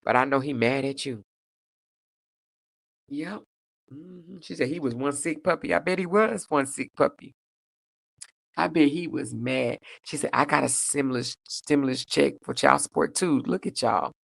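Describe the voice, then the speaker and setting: A woman hosting a casual livestream, reading viewer comments aloud in a sassy, animated way, laughing often and jumping up in pitch for emphasis. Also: normal speed, creaky, husky, dry recording, studio quality. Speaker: livestream host.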